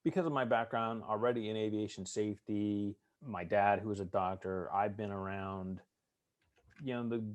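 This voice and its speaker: A middle-aged man with a fairly low voice tells his stories in a relaxed interview. He is good-humored and likes to act out the voices of the people in them. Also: moderate pace. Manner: humorous storyteller, acts out drill instructor voices. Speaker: veteran interviewee. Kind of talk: storytelling interview.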